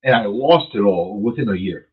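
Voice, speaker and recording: A man's voice: on the low side, moderate pace, husky. A man hosting a radio show in casual chat, rambling and chatty, chewing gum as he talks. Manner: chatty, rambling, animated when riled up. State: chewing gum while talking. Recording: phone-like narrow sound.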